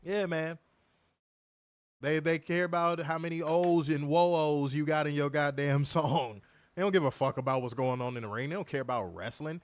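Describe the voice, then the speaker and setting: A man's voice: on the high side, normal speed, no echo. A man hosting a wrestling review podcast, ranting and mocking in profane comedic commentary, laughing often.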